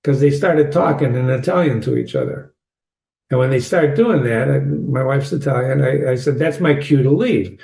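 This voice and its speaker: A man hosting a literature channel, casually analyzing a short story with digressive anecdotes, wry asides and quick laughs. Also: mid-range voice, gravelly, a little mellow. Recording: echoey room.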